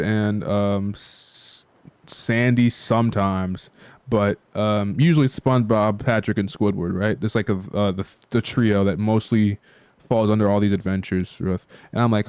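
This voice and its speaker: A man's voice: on the low side, a little mellow, smooth, no echo. A man hosting his channel, talking in a loose, rambling way full of fillers and casual swearing. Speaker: channel host.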